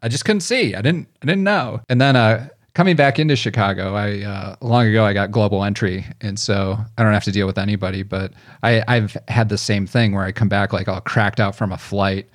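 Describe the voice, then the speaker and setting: A man's voice: lowish voice, brisk, few pauses, no room sound, clean studio sound. A man co-hosting a podcast, chatting casually in a rambling way and laughing often. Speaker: podcast co-host. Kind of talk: casual chat.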